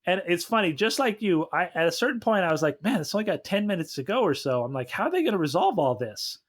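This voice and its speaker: A man co-hosting a comedy podcast, giving mocking, animated recaps of a movie's plot. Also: high-pitched, fast talker. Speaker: co-host.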